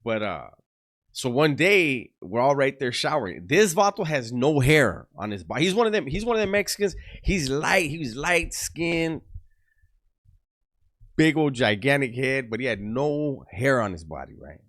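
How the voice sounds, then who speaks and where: A man's voice: mid-range voice, a little slow. Laughing man telling a street story. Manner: laughs often, streetwise slang, lively retelling. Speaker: YouTuber. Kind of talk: casual storytelling.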